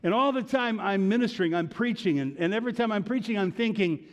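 A man's voice: high voice, lively intonation, fast, few pauses, long reverb tail. A man preaching a sermon in an earnest, conversational storytelling way, lifting into emphatic prayer. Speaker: pastor.

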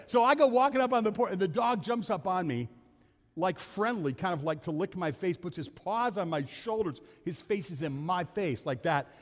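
An older man preaching a sermon as pastor, telling earnest, folksy stories from his own life. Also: sits high. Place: church sanctuary. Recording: long church hall reverb.

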